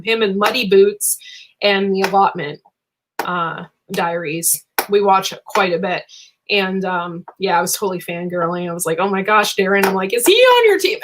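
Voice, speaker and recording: A woman's voice: mid-range voice, a bit bright, a little hiss or hum. Young adult woman, livestream host; bubbly, rambling, giggly chat. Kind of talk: casual live chat.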